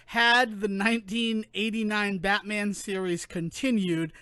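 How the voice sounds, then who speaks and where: A man co-hosting a podcast, chatting casually in an animated, rambling way that keeps interrupting itself. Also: high-pitched, a little slow, clear, resonant tone, no room sound. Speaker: podcast co-host. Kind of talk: casual chat.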